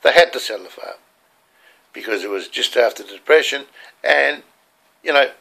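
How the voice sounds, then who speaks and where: A man's voice: mid-range voice, expressive, normal speed, gravelly, pushed and bright. An older man with an Australian accent, telling rambling, earnest stories from his childhood. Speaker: storyteller. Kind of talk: personal childhood storytelling.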